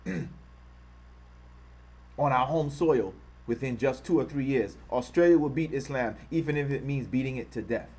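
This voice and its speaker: Husky man hosting a heated livestream. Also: expressive, moderate pace, pauses often. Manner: repetitive, grows loud and high when heated, mocking quoted voices. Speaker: online show host. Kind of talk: livestream commentary reading from a screen.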